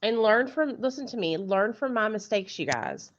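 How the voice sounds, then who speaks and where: A blunt, foul-mouthed woman hosting a casual live chat and laughing often. Her voice sits at an ordinary middle pitch. The audio is a little dull and lo-fi, like a video call. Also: sing-song, normal speed. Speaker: podcast host.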